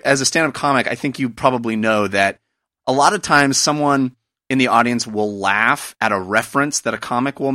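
Guy hosting a gaming podcast, bright tense voice, earnest and reflective, dry close sound. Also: mid-range voice, no room sound. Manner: earnest, reflective, talks things through. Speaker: podcast host. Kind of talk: casual podcast chat.

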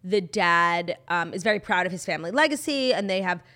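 A young woman co-hosting a podcast, telling gossip in a fast, animated way with many fillers. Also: lowish voice. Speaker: podcast co-host. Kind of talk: casual gossip chat.

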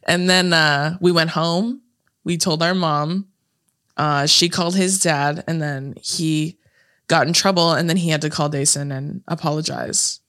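A young woman telling a story in casual chat, animated, swearing freely and laughing often. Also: sits low, measured pace.

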